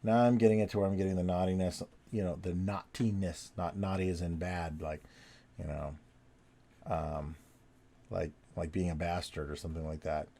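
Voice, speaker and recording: A low-pitched man with a warm, mellow voice talks through a drawing session at his desk. He rambles along in a relaxed, chatty way and second-guesses his lines as he goes. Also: normal speed, creaky. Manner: rambling, chatty, self-correcting as he draws. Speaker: artist drawing on video. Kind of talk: casual talk while drawing.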